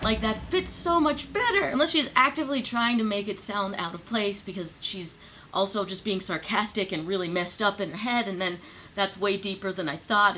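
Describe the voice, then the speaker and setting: A woman's voice: mid-range voice, pushed and bright. A woman hosting a music video, talking through a song arrangement in a casual, playful way and jumping from idea to idea. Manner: chatty, playful, jumps between ideas. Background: music playing under the voice.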